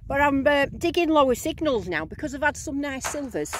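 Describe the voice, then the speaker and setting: A woman vlogging outdoors in a field, giving bubbly, excited running commentary as she digs and talking to her finds. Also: high voice, fairly quick, noisy background. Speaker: metal detecting vlogger.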